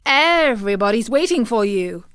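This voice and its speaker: A woman's voice: on the high side, sing-song, normal speed, a bit bright, clean tone, no echo, clean studio sound. A woman doing a jolly, coaxing male frog.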